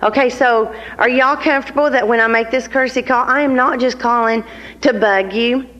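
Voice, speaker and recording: A woman's voice: on the high side, normal speed, fairly bright tone, big-room sound, dull audio. A woman sales consultant sharing how she runs her class, chatty and earnest as she speaks directly to her listeners. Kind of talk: sharing a practice with a group.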